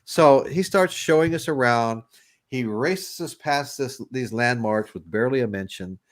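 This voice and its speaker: Unhurried and mid-range in voice, a man hosting a podcast tells a long story as casual chat. He drifts and restarts many times, laughing as he goes.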